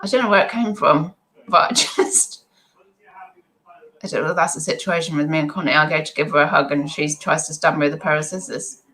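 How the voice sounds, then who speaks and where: A woman's voice: sits low, fairly quick, bright, forceful tone, low-quality recording. A middle-aged woman chatting on a live stream as an online seller, rambling and self-deprecating. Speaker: eBay seller livestreaming.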